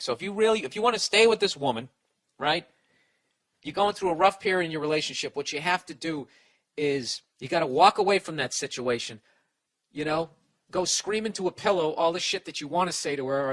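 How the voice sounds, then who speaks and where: Brief: middle-aged male podcast host, blunt and profane, bright forceful voice pitched a bit high. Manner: blunt, swearing, self-deprecating. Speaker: podcast host giving advice. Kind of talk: profane comic advice rant.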